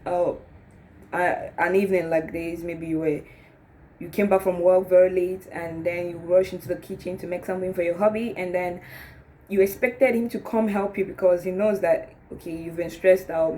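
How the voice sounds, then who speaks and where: A woman giving casual relationship advice, talking it through conversationally and often checking in with "okay?" and "right?". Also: fairly low pitch. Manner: acts out sample dialogue in a rising, animated voice.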